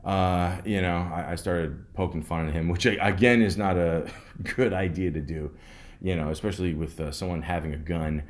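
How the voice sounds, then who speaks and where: A man's voice: low voice, steady tone, moderate pace. A middle-aged man hosting a podcast, telling a story in a rambling, sarcastic way with lots of fillers and restarts. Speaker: podcast host. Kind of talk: casual storytelling monologue.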